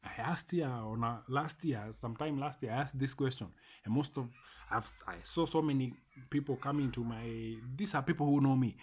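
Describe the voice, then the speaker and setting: A man's voice: mid-range voice, normal speed, husky. A middle-aged man with a Kenyan accent, delivering an emphatic, repetitive opinion monologue to camera as a vlogger. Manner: ranting, emphatic, repeats phrases.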